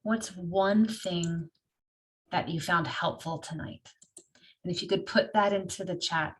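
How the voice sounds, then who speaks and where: A woman facilitating an online workshop, speaking gently and encouragingly with frequent fillers, over a video call. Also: lowish voice, a little slow. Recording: noisy video call audio.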